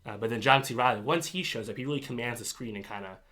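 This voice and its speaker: A man's voice: mid-range voice, quick pace, pushed and bright. A man co-hosting a casual podcast, talking enthusiastically about a film with frequent laughs and restarts. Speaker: podcast co-host reviewing a film. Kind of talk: casual chat.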